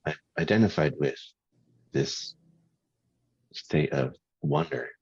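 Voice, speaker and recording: A man with a very deep, husky voice talks things through slowly, pausing and filling gaps with "um" as he reflects. His voice comes through dull, dry video-call audio. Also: expressive, a little mellow, dry recording. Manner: slow, halting, with frequent pauses and fillers. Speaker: inquiry session participant. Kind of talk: reflective conversation.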